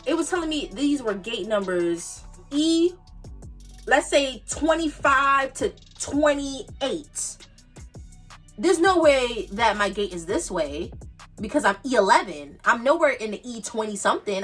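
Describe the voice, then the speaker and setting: Higher-voiced New woman telling a story. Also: big pitch swings, a little slow, a bit bright, recorded from a distance, faint music behind. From the Bronx, New York. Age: 20s. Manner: emphatic, repetitive storytelling with slangy asides. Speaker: vlogger. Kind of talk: casual storytime.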